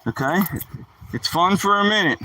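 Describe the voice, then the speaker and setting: A man's voice: sits high, lively intonation, moderate pace, sharp tone, far from the mic. A man streaming casually, joking around and talking to his dog while out on a walk.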